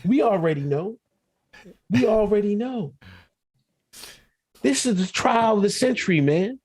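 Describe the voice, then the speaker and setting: A man's voice: high-pitched, lively intonation, a little slow, a little mellow, breathy edge. A man co-hosting a podcast, teasing in comedic casual chat and laughing often. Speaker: podcast co-host.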